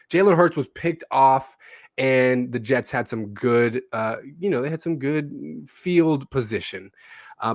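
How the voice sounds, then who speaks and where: Profane, animated young male podcaster. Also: mid-range voice, no echo, studio quality. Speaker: podcast co-host. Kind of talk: casual sports podcast chat.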